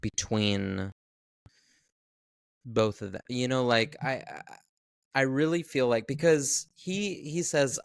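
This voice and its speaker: A man's voice: fairly low pitch, slow pace, gravelly, no room sound, clean studio sound. A man co-hosting a podcast, talking casually and thoughtfully about a film, often hesitating and restarting his sentences. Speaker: podcast co-host. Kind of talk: casual chat recapping a film.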